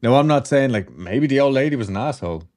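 A man's voice: mid-range voice, lively intonation, fast talker, a little mellow. A man hosting a podcast, telling a story in a loose, chatty way, with swearing and asides. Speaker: podcast host. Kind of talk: casual storytelling chat.

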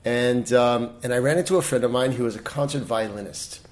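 A middle-aged man talks as a guest in a relaxed interview. He tells stories animatedly and restarts his sentences often, at a pitch of ordinary height. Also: fairly quick. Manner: animated storyteller, many restarts. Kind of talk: casual interview storytelling.

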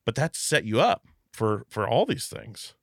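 A man's voice: mid-range voice, sing-song, a little slow, no room sound, clean studio sound. A man hosting a casual podcast interview, reflective and rambling with many restarts. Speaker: podcast host. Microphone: video call.

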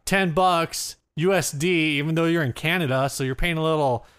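A man's voice: fairly high pitch, moderate pace, a bit bright, clear, resonant tone. A man co-hosting a podcast in casual chat, joking and teasing his partner. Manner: jokey, teasing banter. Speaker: podcast co-host.

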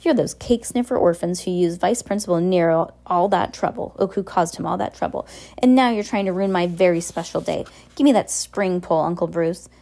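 A spoiled girl scout snaps out demands in a snotty way in this storybook reading, voiced by a woman. The voice stays fairly low and mellow, with no sharpness in the tone. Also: brisk, gravelly.

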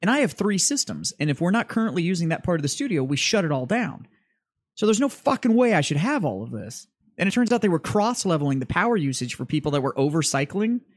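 A man's voice: fairly high pitch, big pitch swings, quick pace, no echo, clean studio sound. A man co-hosting a podcast, explaining a story in casual, profane chat. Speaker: podcast co-host.

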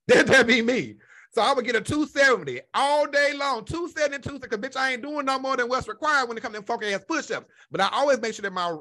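A young man chatting casually and telling a profane, animated story, full of exclamations. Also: sits high. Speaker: podcast host.

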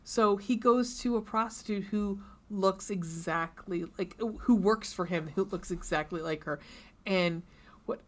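A woman's voice: mid-range voice, unhurried. A woman co-hosting a podcast, chatting casually and gushing about books, swearing freely. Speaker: podcast co-host.

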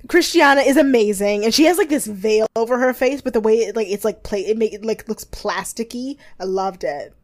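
A woman's voice: on the high side, a little fast, hardly any pauses. A young woman co-hosting a podcast, recapping a TV show in rambling, giggly chat full of fillers and acted-out quotes. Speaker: podcast co-host.

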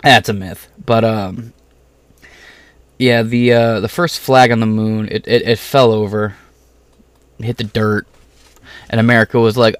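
A man's voice: lowish voice, fairly even intonation, unhurried, pauses often, clear, resonant tone, no echo. A man giving ranting, sarcastic political commentary, swearing heavily.

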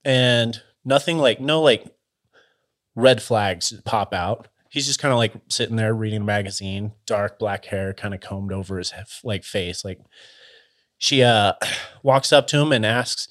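A man telling a story casually, in a loose, halting way full of fillers and restarts. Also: fairly low pitch, a bit bright.

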